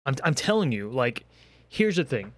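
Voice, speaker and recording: A man's voice: mid-range voice, big pitch swings, normal speed, dry recording, studio quality. A young man in a comedic rant, exasperated and profane, firing off rhetorical questions. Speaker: commentary creator.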